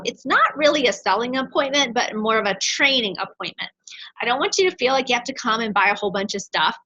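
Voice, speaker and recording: Bright, energetic middle-aged woman trainer. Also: on the high side. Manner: energetic, emphatic, dramatizes phone scripts. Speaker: direct-sales trainer. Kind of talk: motivational training class. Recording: dull lo-fi recording.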